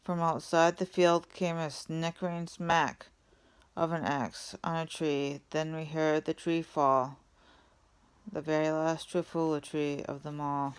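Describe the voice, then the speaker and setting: Slow, low-voiced woman reading a storybook. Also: flat delivery, clear, resonant tone. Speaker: reader. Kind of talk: storybook read-aloud narration.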